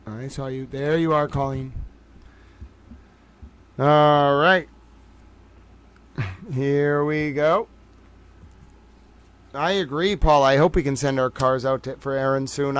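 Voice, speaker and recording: A man hosting a casual livestream trivia game, calling out viewers by name and praising them, swinging from loud excitement to quiet muttering. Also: mid-range voice, slow, long pauses. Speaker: livestream host running trivia.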